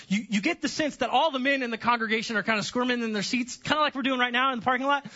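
A man preaching a sermon as pastor, animated, joking and sarcastic with his congregation. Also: very high voice, fast talker, hardly any pauses, muffled recording.

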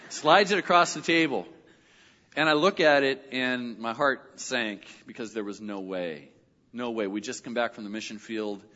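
A middle-aged male pastor telling a personal story in a sermon, animated and lively when he quotes other people. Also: medium pitch, normal speed. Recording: dull audio with long hall reverb.

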